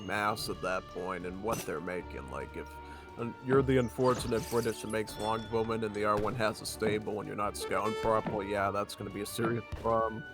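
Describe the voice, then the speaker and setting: Man, co-caster, low voice, relaxed analysis, game music underneath. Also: a little fast. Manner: relaxed, explanatory, hedging with "like".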